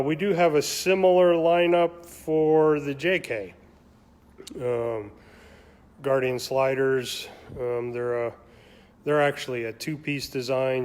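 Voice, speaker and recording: A man hosting a casual live stream, rambling along with many pauses and ums. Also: medium pitch. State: has the hiccups. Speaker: shop owner hosting a weekly live stream.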